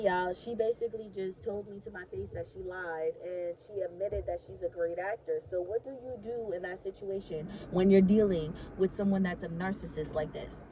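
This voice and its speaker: A woman's voice: mid-range voice, mellow, a little hiss or hum, low-quality recording. Chatty young woman telling a story. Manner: chatty, heavy use of "like", swears freely. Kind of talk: casual storytime chat.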